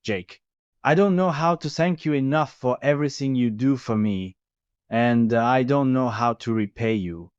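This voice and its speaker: A man voicing a tender, affectionate young man in love, speaking softly and sentimentally. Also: medium pitch, moderate pace, clean tone, dry recording, close to an everyday voice. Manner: soft, gushing and sentimental. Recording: dull lo-fi recording.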